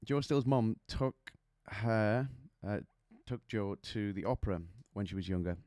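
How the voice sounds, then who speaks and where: A male vocal coach talks through technique in a relaxed, chatty way, breaking into little demonstrations and stories. His voice sits low and mellow. The sound is dry and close. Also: a little slow, dry recording. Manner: chatty, explains with demonstrations and anecdotes. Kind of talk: singing lesson to camera.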